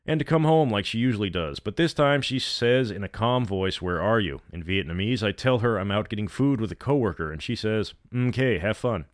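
Male story reader, lowish voice, blunt and sarcastic in his asides, dead-dry sound. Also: dry recording. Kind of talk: reading a story aloud with commentary.

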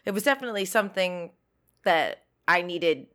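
A woman's voice: fairly low pitch, expressive, moderate pace, a bit bright. Candid, joking woman podcast co-host. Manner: candid, joking, self-deprecating. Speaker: podcast co-host and stage actor. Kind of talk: casual chat.

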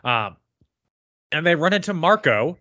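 A man's voice: fairly high pitch, big pitch swings, measured pace, pushed and bright, no room sound, lo-fi sound. A man co-hosting a podcast, recapping a movie plot in a dry, sarcastic, casual way. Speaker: podcast co-host. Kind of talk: casual movie review chat. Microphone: remote podcast mic, no camera.

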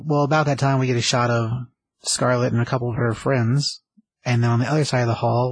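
A man's voice: mid-range voice, breathy edge, no room sound, rough recording. A man casually retelling a TV episode, rambling with lots of fillers. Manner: rambling, filler-heavy, conversational. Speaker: show recapper.

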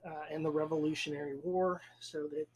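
Husky man rambling through history. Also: on the high side, level tone, brisk, low-quality recording. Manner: explains history in a loose, rambling way with many fillers. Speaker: podcast co-host. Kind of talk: casual podcast chat.

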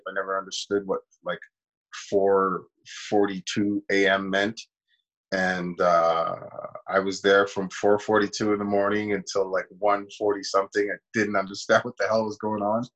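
Guy with a lowish voice telling an animated story in an interview, loose and casual. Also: rough recording. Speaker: actor guest.

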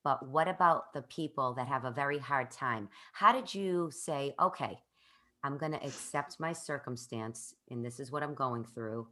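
Low-voiced bright woman host. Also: moderate pace. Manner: earnest, rambling with restarts. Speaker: podcast host. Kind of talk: conversational interview.

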